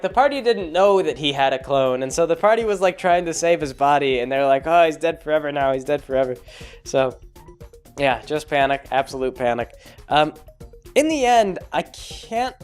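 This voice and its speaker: A man's voice: a little high, very animated, moderate pace, smooth, faint music behind. A man casually recapping a tabletop game session in a rambling way, full of fillers and chuckles.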